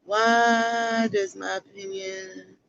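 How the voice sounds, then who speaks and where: A woman's voice: mid-range voice, flat delivery, drawn-out words, creaky, fairly bright tone, lo-fi sound. A woman giving casual livestream commentary, blunt and throwing rhetorical questions at her viewers.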